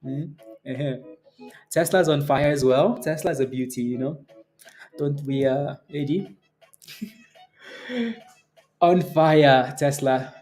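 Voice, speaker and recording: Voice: medium pitch, takes it slowly, pauses often, darkish tone, soft background music. A day-trading livestream host giving live market commentary, cheering a rising stock with repeated exclamations and often laughing while answering viewers' chat.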